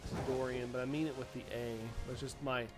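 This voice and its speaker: Us streamer guy, bit sniffly, just chatting w chat, quiet music going in the back. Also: mid-range voice, fairly even intonation, fast. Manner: chatty, reads viewer chat aloud and answers it. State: sniffly from allergies. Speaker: live streamer. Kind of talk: casual live-stream chat.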